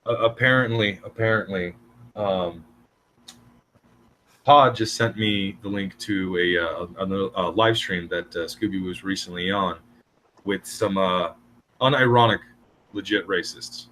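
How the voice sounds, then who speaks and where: A man's voice: low voice, unhurried, pauses often, fairly bright tone. A man in casual stream chat, speaking hesitantly with many fillers.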